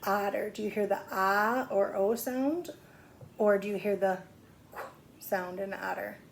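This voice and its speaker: A woman's voice: medium pitch, measured pace, gravelly. A middle-aged woman teaching a phonics lesson to young children, patiently sounding out words.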